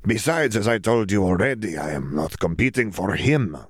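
A man's voice: fairly low pitch, lively intonation, normal speed, breathy edge, no echo, studio quality. A man reading an audiobook voices an earnest young male student wizard who talks in stiff, formal phrasing with hesitations. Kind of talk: audiobook character voice.

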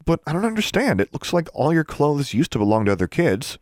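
A man's voice: on the high side, big pitch swings, brisk, a little mellow, no room sound, clean studio sound, pitched above the performer's own voice. A man doing a curious young girl. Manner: eager, questioning.

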